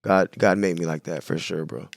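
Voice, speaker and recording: A man's voice: deep voice, fairly even intonation, moderate pace, vocal fry, no echo. A young man from San Diego, a guest telling stories in a casual podcast interview, laid-back and full of slang. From San Diego, California. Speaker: guest, clothing brand owner.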